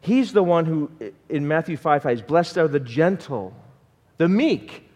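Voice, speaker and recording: A man preaching a sermon in an animated way and asking the congregation questions. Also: on the high side, unhurried, in a large hall. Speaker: pastor.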